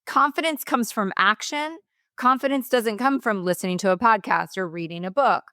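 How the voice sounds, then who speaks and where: A woman's voice: mid-range voice, normal speed, a bit bright, no room sound, clean studio sound. A middle-aged woman, a mindset coach, speaking as a guest in a podcast interview in an emphatic, motivational way.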